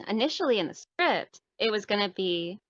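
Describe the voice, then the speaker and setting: A woman's voice: medium pitch, very animated, moderate pace. A woman who is a podcast guest, thinking aloud about a film with lots of likes and you-knows, her voice a little strained from talking. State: losing her voice. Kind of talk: casual movie review chat. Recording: dry, dull lo-fi sound.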